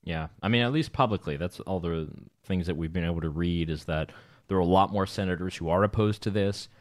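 A man hosting a talk radio show, chatting in a relaxed, jokey way and plugging the website between topics. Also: deep voice, brisk, dry recording, studio quality. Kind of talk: casual talk radio chat.

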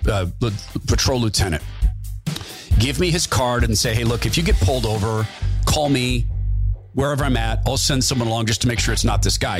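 A middle-aged man hosting a talk radio show, telling folksy stories and acting out the quotes. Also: mid-range voice. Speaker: radio host. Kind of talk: storytelling talk radio monologue.

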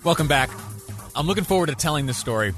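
A man's voice: on the high side, animated, fast, a bit bright, faint music behind. A man hosting a radio news show, telling a story in a rambling, self-deprecating way with many fillers and asides. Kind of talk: talk radio monologue.

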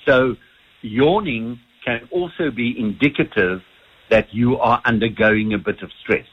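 A South African man on a radio call-in, a doctor explaining things slowly. His voice is husky and the line is dull and lo-fi. He restarts and repeats words as he thinks. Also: mid-range voice. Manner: hesitant, repeats words often. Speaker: sleep doctor guest. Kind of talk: radio phone-in interview.

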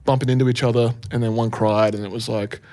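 A man's voice: medium pitch, flat delivery, quick pace, warm tone. A man co-hosting a podcast, laid-back in casual chat, swearing freely. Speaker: podcast co-host.

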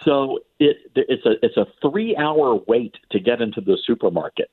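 A man from the American South calls into a radio show, spinning sarcastic stories with an animated, swinging delivery. His voice comes through a narrow, tinny phone line. There is a slight huskiness to it. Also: mid-range voice, moderate pace, slightly rough. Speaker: radio commentator guest. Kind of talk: talk radio phone interview.

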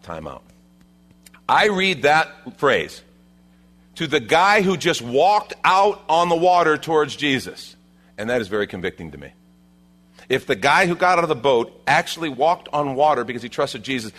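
A middle-aged man preaching a sermon in an animated way, acting out voices and asking the room questions. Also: mid-range voice. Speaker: pastor.

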